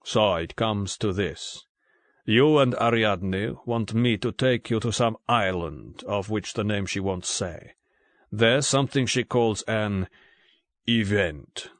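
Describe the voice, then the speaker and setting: A male audiobook reader voicing a proud, gruff Greek man with a deep voice. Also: dry recording, lightly acted. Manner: measured, contemptuous. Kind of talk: audiobook character voice.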